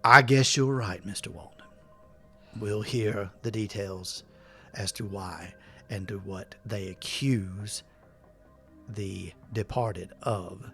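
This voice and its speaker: A man's voice: on the low side, slow, a bit bright, faint music behind. A man voicing a stern male judge in a tabletop game, formal and commanding. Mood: grudging.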